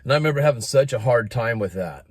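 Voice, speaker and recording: A middle-aged American man telling a personal story in a casual monologue, animated and expressive. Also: medium pitch, quick pace, slightly rough, dry recording. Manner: animated, breaks into announcer-style shouting when quoting.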